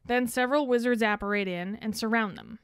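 A woman co-hosting a podcast, reading out a scene summary with a dry, deadpan edge. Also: a little high, brisk, clear, resonant tone, no room sound. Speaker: podcast co-host.

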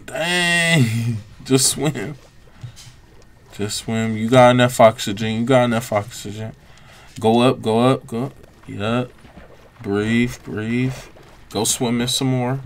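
A young man giving relaxed, reactive commentary over his own gameplay, breaking into quick exclamations. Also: mid-range voice, slight background noise. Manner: laid-back, reactive, frequent exclamations. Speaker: gaming channel host. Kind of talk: let's-play gameplay commentary.

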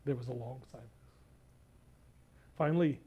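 A male pastor preaching a sermon, telling a story and slowing down hard on key words. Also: medium pitch, husky, dull audio. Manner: emphatic, slows down on key words.

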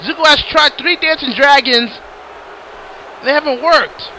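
Screaming excited man calling wrestling play-by-play. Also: extremely high pitch, measured pace, slight background noise, low-quality recording. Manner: shouting, swearing, excitable. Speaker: wrestling commentator.

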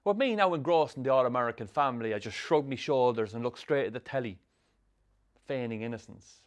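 An actor narrating a film as a troubled young Irish man with a Sligo accent, telling his rough youth in a dry, sardonic way. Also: medium pitch, lively intonation, brisk, lightly acted. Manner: dry, sardonic storytelling with strong swearing. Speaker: narrator, the film's lead. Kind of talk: scripted film voice-over.

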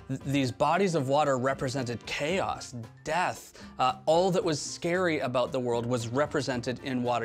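A man teaching a casual Bible lesson for teens as a youth pastor, chatty, with filler words. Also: mid-range voice.

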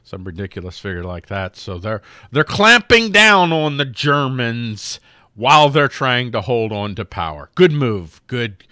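A man hosting an offhand news commentary show with a sarcastic edge. His pitch swings widely and his tone is bright and pushed forward. The sound is close and dry, with no room around it. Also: sing-song, a little slow, no echo. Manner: sarcastic, mocks quoted figures in silly put-on voices. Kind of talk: casual political news commentary.

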